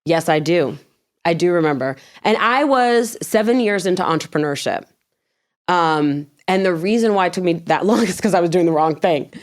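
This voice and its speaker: In an interview, a woman guest with a lowish voice shares a story at a moderate pace. She acts out her earlier words with animation, laughs frequently, and doesn't hold back on swearing.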